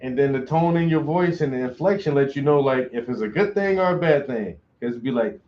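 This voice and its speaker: A man's voice: mid-range voice, brisk, few pauses. A man painting on a long live stream, chatting casually in a loose, slangy, joking way. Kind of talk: casual chat while painting. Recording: roomy, dull lo-fi sound.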